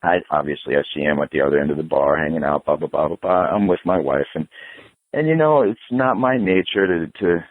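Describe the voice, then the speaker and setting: A man, a podcast guest, telling a story in casual chat, animated and profane, laughing through it. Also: extremely low pitch, fairly quick, no room sound, phone-quality sound.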